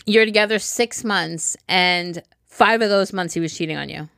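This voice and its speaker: A woman who is a mother, co-hosting an advice podcast in casual chat, emphatic and blunt, dropping low and quiet to drive her points home. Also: normal speed, creaky, dry recording, studio quality. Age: adult, a mother. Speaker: podcast co-host.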